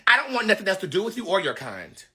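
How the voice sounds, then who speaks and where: Animated, bright-voiced woman ranting bluntly. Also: medium pitch, fast. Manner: blunt, cussing, emphatic. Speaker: tarot reader. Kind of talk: livestream rant.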